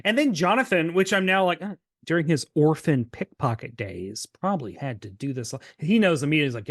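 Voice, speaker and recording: A man with a high, light voice co-hosts a podcast, recapping an old TV episode in loose, animated chat. He laughs often and slips into the characters' lines as he goes. The sound is close and dry, with no room around it. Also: fast, few pauses, no room sound. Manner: animated, laughing, acts out quotes. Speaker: podcast co-host.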